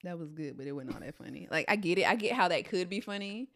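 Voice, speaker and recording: A woman co-hosting a casual podcast, teasing and quick to call jokes lame. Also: lowish voice, expressive, a bit bright. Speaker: podcast co-host. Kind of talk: casual joke-telling chat.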